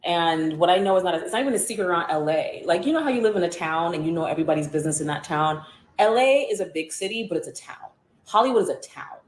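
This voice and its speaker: A woman's voice: on the low side, lively intonation, fast talker, echoey room, a little hiss or hum. A woman, a media personality and author, telling candid interview stories in a blunt, profane, sarcastic way.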